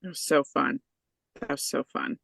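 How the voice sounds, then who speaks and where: A woman author chatting on a podcast, heartfelt and a little halting, with many fillers. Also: extremely low pitch, creaky, fairly bright tone, no echo, low-quality recording. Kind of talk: casual podcast chat.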